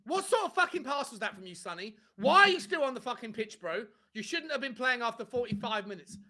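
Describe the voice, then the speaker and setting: A man's voice: very high voice, lively intonation, a little fast, sharp tone. A man reacting live to a football match as a watchalong co-host, ranting furiously with lots of swearing.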